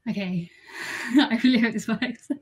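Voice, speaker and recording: A woman's voice: a little high, unhurried, breathy edge. A woman playing in a tabletop role-play game, talking casually and giggling between lines. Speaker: player.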